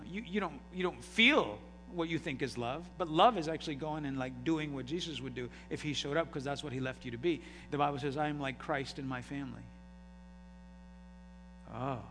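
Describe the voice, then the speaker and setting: Male pastor, middle-aged, high bright voice, fervent sermon delivery, reverberant hall. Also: brisk, faint music behind. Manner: impassioned, rising to shouts. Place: church sanctuary.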